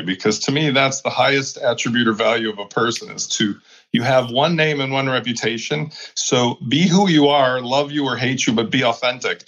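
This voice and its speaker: Husky, blunt-talking man on a podcast. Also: medium pitch, a bit bright, dull audio. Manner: blunt and opinionated. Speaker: panelist. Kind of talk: roundtable discussion.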